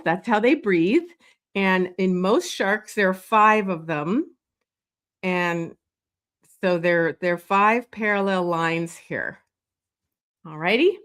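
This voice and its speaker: A woman leading a live drawing lesson, talking slowly and thinking aloud as she sketches, with many pauses and fillers. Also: mid-range voice, fairly bright tone. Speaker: drawing instructor. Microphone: streaming setup.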